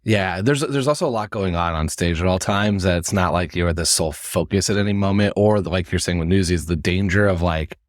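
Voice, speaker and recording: A man's voice: deep voice, fairly quick, hardly any pauses, dry recording, clean studio sound. A man hosting a podcast who asks long, rambling questions in casual conversation. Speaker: podcast host. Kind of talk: casual interview.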